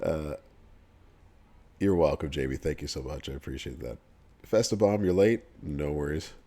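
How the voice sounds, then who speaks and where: Laid-back low-voiced man hosting a livestream. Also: normal speed, warm tone. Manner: chatty, laughs often, answers chat messages. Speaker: livestream host for a mobile game. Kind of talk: casual livestream chat, reading game news to chat.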